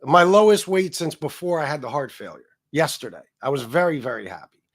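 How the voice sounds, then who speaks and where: A man in his forties hosting a livestream, ranting in a heated, profane way that swings between loud jabs and low mutters. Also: expressive, fairly quick. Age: 40s. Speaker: livestream host.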